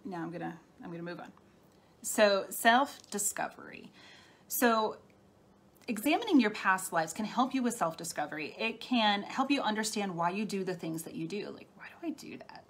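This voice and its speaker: A woman's voice: medium pitch, animated, normal speed, fairly bright tone. A middle-aged woman talking casually on a live stream as a spiritual healer, chatty and laughing often as she answers viewer comments. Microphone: phone or webcam.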